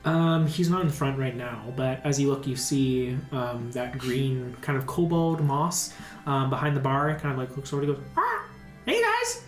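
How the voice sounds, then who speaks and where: A woman's voice: rumbling low, fairly even intonation, normal speed, a little mellow. A woman narrating as game master of a tabletop game, casual with many fillers. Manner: casual, lots of ums and likes. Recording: echoey room with faint music.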